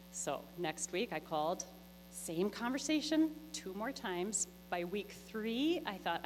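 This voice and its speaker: A middle-aged woman, a missionary teacher telling lively stories to a congregation and acting out the dialogue. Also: mid-range voice, slow. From Canada. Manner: lively, anecdotal, acts out dialogue. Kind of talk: storytelling presentation. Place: church hall. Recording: echoey church hall with mains hum.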